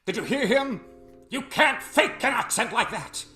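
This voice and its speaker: A whiny schemer. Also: male voice, very high-pitched, animated, unhurried. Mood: scheming. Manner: theatrical, complaining. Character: scheming, whiny con man. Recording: faint music behind.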